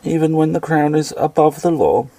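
A man's voice: fairly high pitch, normal speed, dark tone, no echo. A man doing a sly scheming lord mayor. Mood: insinuating. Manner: smooth, insinuating, flirtatious. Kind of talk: audio fiction dialogue.

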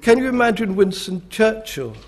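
Brief: older male academic lecturing, measured and wryly ironic, fairly high-pitched. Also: very animated. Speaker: history professor giving a lecture. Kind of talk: public lecture.

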